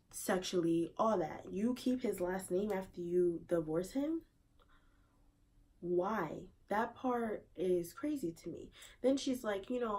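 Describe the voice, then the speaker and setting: A woman's voice: fairly low pitch, mellow. A woman giving her opinion casually in a vlog, repeating rhetorical questions in disbelief. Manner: conversational, with fillers. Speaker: vlogger.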